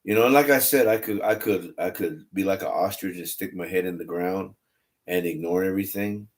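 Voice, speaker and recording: Deep-voiced man rambling candidly. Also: brisk. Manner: candid, repetitive, restarts phrases. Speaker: online religious streamer. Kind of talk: rambling casual livestream talk.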